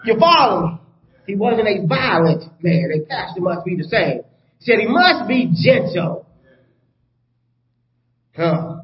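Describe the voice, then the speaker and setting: A man preaching a sermon in a folksy call-and-response style, often asking the congregation "you follow me?" and sometimes dropping to a soft, calm tone. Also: high-pitched. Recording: roomy, dull church recording.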